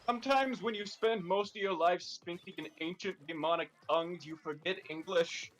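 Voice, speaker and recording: A man voicing Luigi, an excitable, clumsy young plumber hero who stumbles over his words, in a casual fan-fiction table read. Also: high-pitched, normal speed, a little hiss or hum. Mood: flustered.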